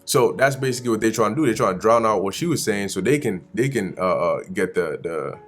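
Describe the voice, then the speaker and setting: A man's voice: lowish voice, brisk, soft background music. A man giving a casual, slangy Bible study commentary, often acting out the characters. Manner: animated, slangy, acts out characters. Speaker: Bible teacher.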